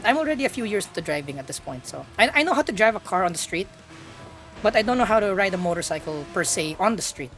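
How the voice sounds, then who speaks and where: A young woman streaming, chatting excitedly with her viewers, often stammering and laughing between words. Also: mid-range voice, rough recording. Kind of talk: casual chat with stream chat.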